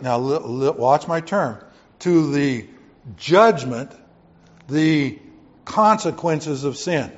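A man preaching a sermon to his congregation in a folksy way, swinging from loud emphatic points to quiet offhand asides. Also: fairly high pitch, animated, slow pace, muffled recording. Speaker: pastor.

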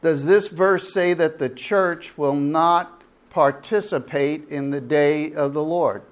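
A man preaching a sermon, asking the congregation questions and explaining Greek words with slow, drawn-out emphasis. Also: a little high. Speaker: pastor. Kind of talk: sermon Bible teaching.

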